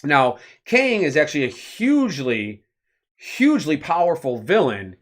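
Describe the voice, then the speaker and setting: A man co-hosting a casual podcast, explaining at length in an animated, rambling way with many fillers. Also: fairly high pitch, measured pace. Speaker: podcast co-host.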